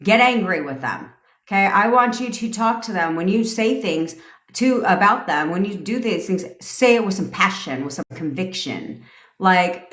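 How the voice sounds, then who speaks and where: A woman's voice: on the low side, expressive, normal speed, fairly bright tone, roomy sound. A woman coaching viewers on a casual livestream, blunt and profane, laughing often. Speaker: manifestation coach. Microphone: phone or webcam.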